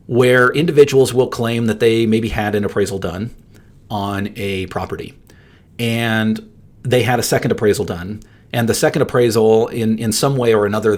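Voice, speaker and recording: A man's voice: fairly low pitch, darkish tone. A man hosting a solo podcast, talking earnestly and emphatically, often repeating words for stress. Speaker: podcast host and appraiser coach.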